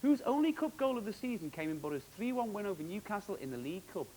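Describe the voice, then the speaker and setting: Upbeat, lively, high-voiced male quiz host. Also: a little hiss or hum, poor audio. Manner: jokey, upbeat, quick quizmaster delivery. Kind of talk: televised quiz hosting.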